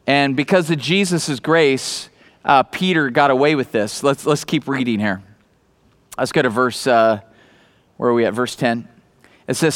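A male pastor with a fairly high voice preaches a sermon. He reads scripture aloud, then acts out the people in the story with lively, conversational energy.

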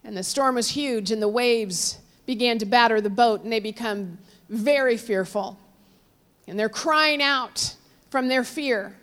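A woman preaching in a slightly high voice. She tells a story with strong swings, rising loud and high for the cries, then sinking to soft, low murmurs. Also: unhurried. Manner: storytelling, dramatic swings from loud cries to hushed near-whispers; quotes figures in raised voices, drops low and soft on God. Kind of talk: sermon.

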